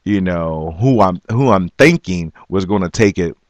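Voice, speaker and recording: A man earnestly telling his own story on a vlog, halting and restarting often but emphatic. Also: low voice, expressive, no echo. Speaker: vlogger. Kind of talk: personal storytelling.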